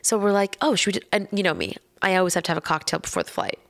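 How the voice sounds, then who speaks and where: A woman telling a story in casual podcast chat. She is animated, laughs often and acts out the voices of people she quotes. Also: lowish voice, fast, gravelly.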